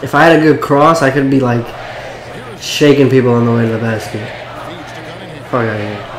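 Excitable man commenting on his game. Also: medium pitch, normal speed, roomy sound, crowd noise, noisy background. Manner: excitable, swears, talks to the game and coach. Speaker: gaming YouTuber. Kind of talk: casual gameplay commentary.

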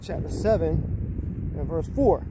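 A man with a notably high voice rants in a casual, accusatory way, breaking into scripture readings between his complaints. He keeps tagging his lines with "man" and "bro." Steady background noise and passing vehicles run under the recording. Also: slow.

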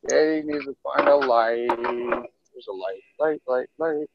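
A man's voice: mid-range voice, slow, gravelly, husky, no room sound, highs cut off. A father chatting playfully with his daughter on a phone video, grumbling dramatically. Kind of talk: casual family vlog chat. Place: family home, stepping outside into snow at night. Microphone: handheld phone camera.

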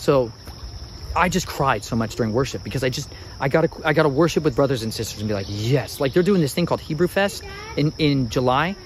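A man's voice: mid-range voice, quick pace, slight background noise, poor audio. A chatty man teaching scripture outdoors. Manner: animated, chatty, breaks off to talk to his children. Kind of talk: casual Bible reading and teaching.

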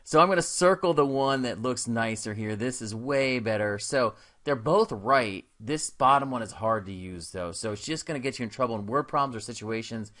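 A man's voice: mid-range voice, moderate pace, hardly any pauses, a bit bright. A man talking through a recorded math lesson, upbeat and easygoing. He keeps it casual and encouraging and drops in slangy asides. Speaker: math teacher.

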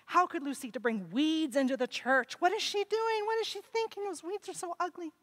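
A woman's voice: very high voice, brisk, pitched above the performer's own voice. A woman voicing disapproving villagers gossiping in church, in a scolding, shocked tone.

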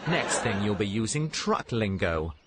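A man voicing a grumpy, bigoted male engine car who talks gruffly, with music behind him. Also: on the low side, sing-song, unhurried, background noise. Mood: grumbling. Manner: gruff, grumbling.

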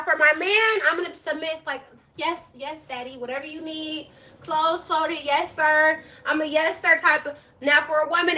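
Brash high-pitched young woman streamer. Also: highs cut off. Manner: loud, brash and joking, laughs often. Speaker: livestream host. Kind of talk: casual livestream chat with viewers.

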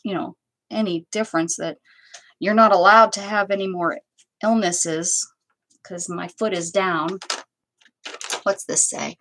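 A woman's voice: mid-range voice, a bit bright, low-quality recording. A woman hosting a crafting livestream, chatting casually to herself and her viewers as she stamps, with playful sing-song asides. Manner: chatty, talks to herself and to live chat, playful made-up sing-song bits.

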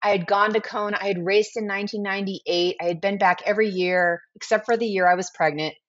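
A woman's voice: medium pitch, quick pace. Brief: woman in her 40s, chatty storyteller guest, acts out quotes, slightly dull lo-fi audio. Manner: animated, acts out quoted dialogue. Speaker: guest, brand founder. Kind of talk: casual storytelling interview.

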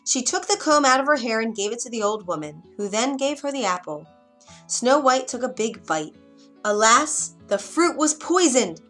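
A woman narrating a fairy tale for children, expressive with dramatic pauses. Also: fairly high pitch, faint music behind. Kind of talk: scripted storybook narration.

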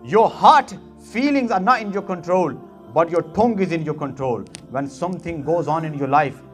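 Impassioned imam preaching, fairly high voice. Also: male voice, lively intonation, normal speed, faint music behind. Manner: impassioned, addresses listeners directly with rhetorical questions. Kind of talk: sermon.

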